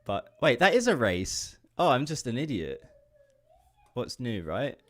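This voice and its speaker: An English indie game developer in his late twenties chats casually on a livestream while drawing, rambling, getting easily distracted, laughing often, and swearing casually. His voice is medium-pitched, very animated, and unhurried.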